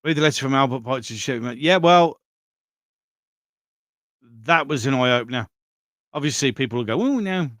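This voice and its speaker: Here a man runs a relaxed live stream, working through viewer comments and replying as he goes. He speaks at medium pitch and a normal pace, leaving long pauses, and his tone is a bit bright. The sound is studio quality without echo.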